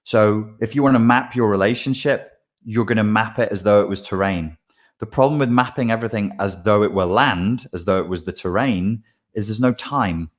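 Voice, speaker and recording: A man, a life coach, explaining his ideas in a loose, animated livestream monologue full of asides. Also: on the low side, normal speed.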